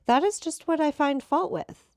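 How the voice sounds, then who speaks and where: A man's voice: very high-pitched, moderate pace, no echo, studio quality, voice pushed up. Woman voicing a sniffy young aristocrat. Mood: sneering. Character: young fastidious male aristocrat, sneering.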